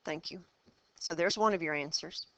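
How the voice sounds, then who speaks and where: Quizzing her class and leading them through each problem step by step, a math teacher keeps the lesson brisk and encouraging. Her voice sits low with a fairly bright tone.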